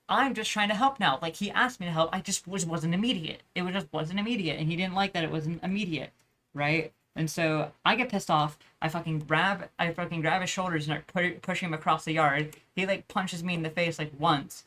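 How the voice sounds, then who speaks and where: A woman's voice: deep voice, fairly bright tone. A young woman telling a rambling personal story in a casual vlog, swearing often and using plenty of slang and filler words. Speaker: vlogger.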